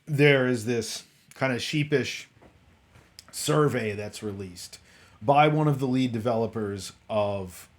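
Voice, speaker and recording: A man's voice: medium pitch, slow pace. A man hosting a casual commentary stream, rambling and exasperated, often restarting his sentences. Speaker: host.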